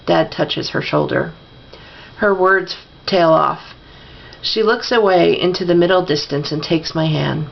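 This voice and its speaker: A woman's voice: fairly low pitch, measured pace, vocal fry, muffled recording. A woman reading a novel aloud, giving the dialogue mild shifts of voice. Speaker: audiobook reader.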